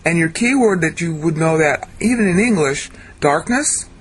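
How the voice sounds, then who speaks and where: A man giving a screen-share Bible lesson, sounding out Hebrew and Greek words slowly and correcting himself as he goes. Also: fairly high pitch, animated, breathy edge. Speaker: Bible teacher.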